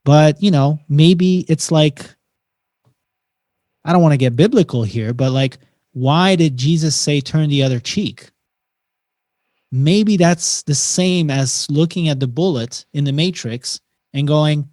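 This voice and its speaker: Animated, story-telling man, dry sound. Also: a little high, unhurried, no room sound. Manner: animated storyteller who acts out dialogue and often says "man". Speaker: podcast guest. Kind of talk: casual conversation.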